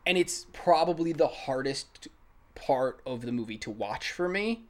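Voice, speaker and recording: An excitable podcast co-host talks about a film in a loose, rambling way and breaks into laughter often. The voice sits at an ordinary middle pitch. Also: a little slow. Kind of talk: casual film-review chat.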